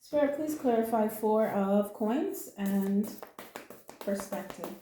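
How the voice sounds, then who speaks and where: A woman's voice: mid-range voice, slow, mellow, echoey room, slight background noise. A woman giving a casual spoken tarot reading, earnest and comforting, emotional at times and blunt with slang. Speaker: tarot reader.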